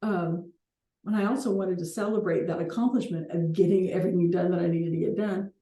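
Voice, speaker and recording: A woman's voice: on the low side, fairly even intonation, fairly quick, warm tone, roomy sound. A woman hosting a coaching call, talking earnestly and reflectively with light laughs now and then.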